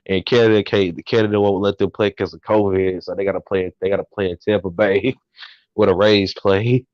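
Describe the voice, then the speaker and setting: A man co-hosting a casual sports talk show, rambling and halting, often breaking into laughter. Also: low-pitched, steady tone, no room sound, lo-fi sound. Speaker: co-host.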